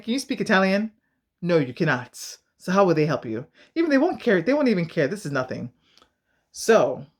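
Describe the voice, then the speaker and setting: An American woman with a low, breathy-edged voice gives advice in a casual vlog. She tells her stories emphatically and directly, animatedly acting out the voices of the people she quotes.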